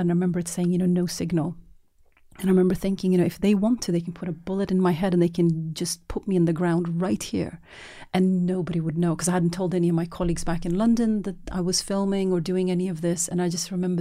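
A woman in an interview tells her story as a documentary filmmaker. Her voice is low and warm. She talks in lively bursts with frequent restarts and acts out the people she quotes.

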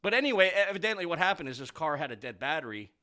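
A man in casual chat, telling a story in a profane, animated way. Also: fairly high pitch, quick pace. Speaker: works at a car dealership service department.

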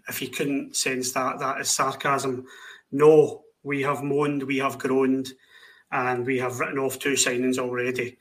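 A man's voice: mid-range voice, little pitch movement, measured pace, rough recording. Teasing man hosting a podcast. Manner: joking, teasing banter. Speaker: podcast host. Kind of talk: casual podcast chat.

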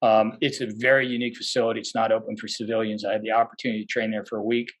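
A man's voice: on the low side, rapid-fire. A man who is a podcast guest, telling stories in a rambling, casual way with many fillers and restarts, and livening up when he quotes people. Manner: animated when quoting people.

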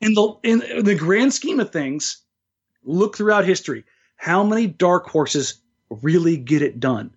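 A man's voice: sits high, lively intonation, a little slow, husky. A man co-hosting a podcast, talking sports in a loose, jokey way with many restarts. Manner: talkative, jokey, frequent restarts. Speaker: podcast co-host. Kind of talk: casual sports chat. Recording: dull lo-fi sound.

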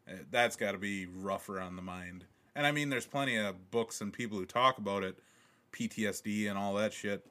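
A man's voice: lowish voice, moderate pace, sharp tone. A man co-hosting a podcast in a crude, joking, rambling casual chat. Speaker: podcast co-host.

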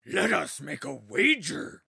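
A man voicing a hideous ancient male troll who gloats, taunts and cheats, with a gravelly, squawking voice. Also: big pitch swings, takes it slowly, sharp tone, dry recording, clean studio sound, heavily acted. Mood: gloating. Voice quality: gravelly, raspy, high and squawking.

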